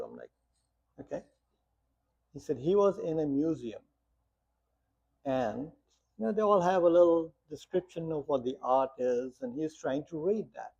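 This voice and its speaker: A man's voice: on the high side, expressive, moderate pace, creaky, long pauses, darkish tone, slightly rough. A man teaching a meditation class, talking plainly with lots of rhetorical questions and short stories. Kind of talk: guiding a meditation talk. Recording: muffled lo-fi sound.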